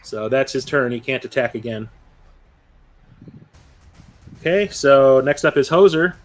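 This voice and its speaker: A man narrating a tabletop game as game master, casual and quick to laugh, swearing freely as he describes the action. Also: medium pitch.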